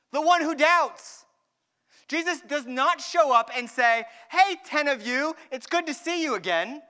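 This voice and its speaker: A man preaching a sermon, acting out quoted voices with animated delivery and slowing down for emphasis. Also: very high-pitched. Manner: animated, acts out dialogue, slows down for emphasis. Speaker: pastor.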